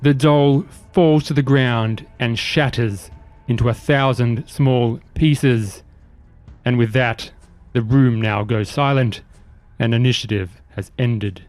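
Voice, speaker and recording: A man running a tabletop game as dungeon master, giving calm, matter-of-fact rulings and narration. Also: medium pitch, slow, dry recording, faint music behind.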